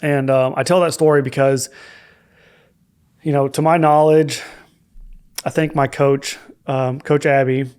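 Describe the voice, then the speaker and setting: A man's voice: medium pitch, fairly even intonation, a little slow, pauses often, a little mellow, clear, resonant tone. A young adult man telling his own life story as a guest on a podcast, candid and reflective, with frequent hesitant fillers. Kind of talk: personal story in a podcast conversation.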